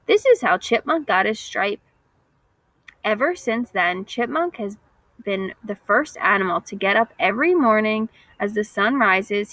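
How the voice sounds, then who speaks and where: A woman reading a folk tale aloud for children in a gentle, expressive storytelling voice. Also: medium pitch, no echo, low-quality recording.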